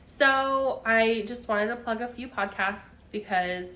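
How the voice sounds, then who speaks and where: A woman's voice: fairly high pitch, unhurried, bright, forceful tone, a little hiss or hum. A young woman co-hosting a podcast, chatting casually about knitting in a rambling way. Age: young adult. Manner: chatty, rambling, laughs often. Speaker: podcast co-host. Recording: echoey room.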